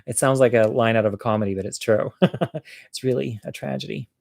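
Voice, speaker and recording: A man's voice: mid-range voice, brisk, gravelly, darkish tone, no room sound. A man telling a personal story to viewers over a livestream, candid and chatty, poking fun at himself and laughing at his own jokes. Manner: candid, self-mocking humor.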